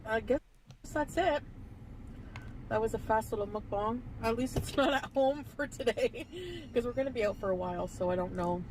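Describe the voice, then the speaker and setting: A woman's voice: a little high, moderate pace. Female vlogger rambling in a car, filler-heavy, street noise behind. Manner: rambling, with many fillers and little laughs. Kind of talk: casual vlog chat. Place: in a parked car.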